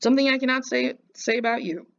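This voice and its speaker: A woman's voice: sits high, fast, vocal fry, fairly bright tone, highs cut off. A woman giving casual reaction commentary, mocking and lecturing the person in a clip.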